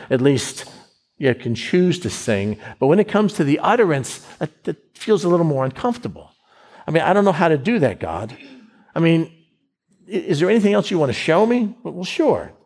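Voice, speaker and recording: A male pastor from the United States delivers a sermon in a conversational, down-to-earth way. He drags out key phrases slowly, then rushes through asides. His voice sits a little high for a man. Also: big pitch swings, darkish tone. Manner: conversational preaching, swinging from slow emphasis to quick asides.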